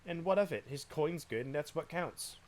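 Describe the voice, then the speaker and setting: A man's voice: on the high side, lively intonation, normal speed, a little mellow, natural voice. A man voicing a corrupt male guard captain who brushes off his underling with contempt, reading game dialogue aloud. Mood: scornful.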